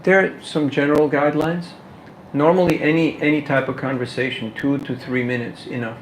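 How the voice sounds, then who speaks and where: A man giving a casual workshop talk on book distribution, animated and full of rhetorical questions, laughing now and then. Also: fairly high pitch, a little fast, roomy sound, noisy background.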